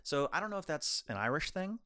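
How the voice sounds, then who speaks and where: A man's voice: on the high side, fairly quick. A man co-hosting a podcast in casual chat, retelling film scenes with lots of laughter. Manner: animated, retells scenes with quoted voices and laughter. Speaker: podcast co-host.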